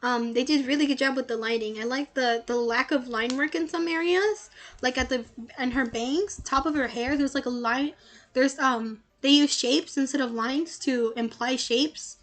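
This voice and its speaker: Bubbly high-voiced young woman streamer. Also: moderate pace, fairly bright tone. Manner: chatty, bubbly, with many filler words. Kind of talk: casual gameplay commentary.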